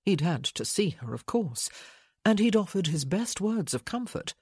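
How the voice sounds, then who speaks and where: An audiobook narrator reading a romance novel in a measured way. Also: medium pitch, very animated, darkish tone, husky, dry recording. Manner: slow, measured. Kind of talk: scripted narration.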